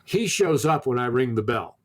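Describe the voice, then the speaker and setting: A man's voice: mid-range voice, lively intonation, normal speed. A man co-hosting a podcast, telling a long anecdote in casual chat with many restarts. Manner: rambling anecdote with many restarts, acts out quoted exchanges. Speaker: podcast co-host.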